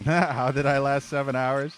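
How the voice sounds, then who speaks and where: A man's voice: medium pitch, flat delivery, a little slow, faint music behind. Exasperated, swearing man narrating his gameplay. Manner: profane, exasperated ranting at the game. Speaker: gaming channel host. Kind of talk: let's play commentary.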